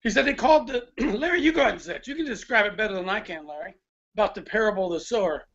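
A man's voice: high-pitched, lively intonation, rapid-fire, a bit bright, dull audio. A man hosting a casual show from inside his house on his phone, talking in a rambling, apologetic way. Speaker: host. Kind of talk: casual live-stream chat. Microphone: phone held by the speaker.

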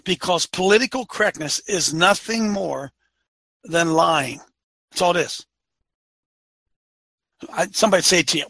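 A man's voice: high voice, measured pace, vocal fry, long pauses, sharp tone, no echo. A man delivering a fiery opinionated monologue as a show host, firing off rhetorical questions and repeating phrases for emphasis.

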